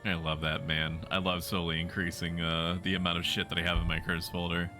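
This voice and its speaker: A man's voice: deep voice, level tone, a little fast, over music. A young man streaming a game, joking around and reacting casually. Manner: joking, reads game lines aloud.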